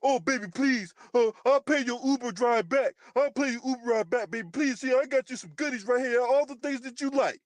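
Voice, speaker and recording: A man putting on the voice of a smooth-talking man coaxing a lover to stay, pleading and sweet-talking. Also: very high voice, a little fast, few pauses, no room sound.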